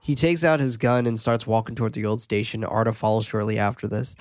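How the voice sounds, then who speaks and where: Recapping a movie's plot on a casual podcast with a friend, this co-host speaks fast in a lowish voice with fairly even intonation. He's laid-back, reads the summary aloud, and laughs at his own asides, recorded dry with studio quality.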